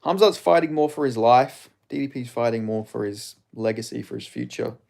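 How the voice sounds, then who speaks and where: A man chatting casually on a live stream, answering viewer questions in a loose, rambling way. His voice sits at an ordinary middle pitch. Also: normal speed, vocal fry, a little mellow.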